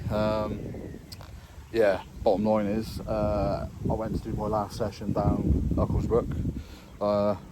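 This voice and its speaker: A man's voice: lowish voice, noisy background. A man, talking in a casual, rambling, sweary way while fishing outdoors by a lake. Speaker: carp angler vlogger. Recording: outdoor ambience, passing trains.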